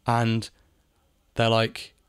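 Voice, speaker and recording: A man's voice: mid-range voice, completely flat delivery, extremely slow, clear, resonant tone, dry recording, studio quality. A man talking in a casual monologue, ranting, repeating phrases and swearing now and then. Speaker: video essayist. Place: home in Spain.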